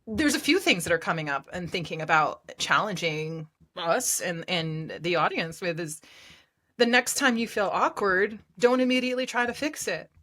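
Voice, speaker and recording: A woman with a slightly low voice co-hosting a relaxed podcast. She talks in an earnest, encouraging way and laughs often as she shares her thoughts. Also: moderate pace. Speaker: podcast co-host. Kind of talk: casual chat.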